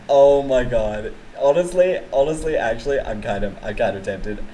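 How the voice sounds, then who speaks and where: Low-voiced teasing woman streamer. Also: animated, moderate pace, few pauses, warm tone, a little hiss or hum, rough recording. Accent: New Zealand. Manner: teasing, giggly, mock-dramatic. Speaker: VTuber streamer. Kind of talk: casual live-stream chat with viewers.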